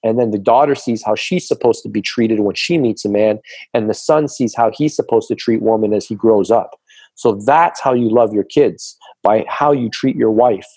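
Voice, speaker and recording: A middle-aged man speaks as a fitness coach on a podcast, with a mellow, slightly husky voice. He drives his points home emphatically and slips into quoted voices to act out arguments. The sound is close and dry. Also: lowish voice, normal speed, dry recording. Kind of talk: casual podcast conversation.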